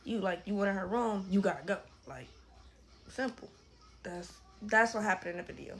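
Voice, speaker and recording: A woman casually retelling a family story in an animated, chatty way with lots of fillers. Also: medium pitch, moderate pace, a little hiss or hum. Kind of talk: personal story time.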